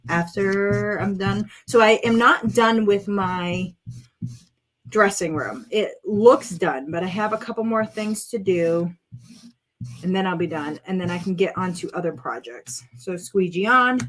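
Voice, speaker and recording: A woman vlogging at home as she does a craft project, chatting to viewers and exclaiming over colors as she works. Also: medium pitch. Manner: chatty, self-narrating while working, exclaims over colors. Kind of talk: casual crafting chat to viewers.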